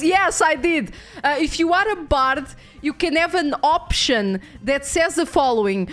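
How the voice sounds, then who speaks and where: A woman's voice: high-pitched, a little slow, a bit bright. A young woman streamer chatting casually about a game, talking loosely and laughing often. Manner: chatty, frequent fillers and restarts, laughs often.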